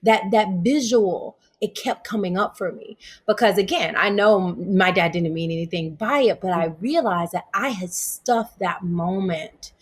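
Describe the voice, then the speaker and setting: A woman's voice: medium pitch, moderate pace, few pauses, breathy edge. A woman guest in an interview, telling a personal story in a casual way and laughing often as she talks. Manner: animated, laughs while telling stories. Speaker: interview guest, yoga teacher.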